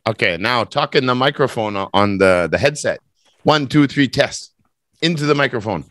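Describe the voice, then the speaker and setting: A man's voice: mid-range voice, lively intonation, moderate pace, a bit bright, dry recording, studio quality. A man teaching English, running a speaking test over a video call with a playful, teasing manner.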